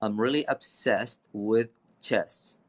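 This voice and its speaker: A man from Saudi Arabia hosting a casual live stream chat, talking rapidly with many fillers and frequent laughs. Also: fairly low pitch, steady tone.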